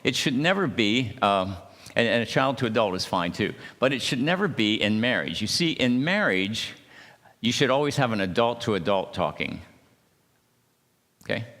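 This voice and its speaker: A man speaking at a church marriage seminar, talking haltingly with many restarts and checking in with his listeners by asking "okay?". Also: medium pitch, expressive, fairly bright tone. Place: church hall. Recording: long hall reverb.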